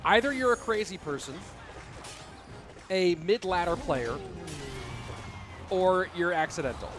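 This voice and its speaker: A man casting a live esports match, excitable and incredulous, often breaking into laughter. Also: high voice, measured pace, music in the background. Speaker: esports caster.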